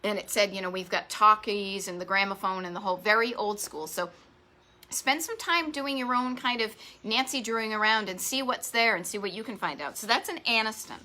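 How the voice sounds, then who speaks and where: A woman's voice: mid-range voice, a little fast, sharp tone. A woman with a Boston accent hosting a retro travel live stream, talking in an enthusiastic, rambling way with lots of asides. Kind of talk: chatty live stream monologue. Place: home garage office.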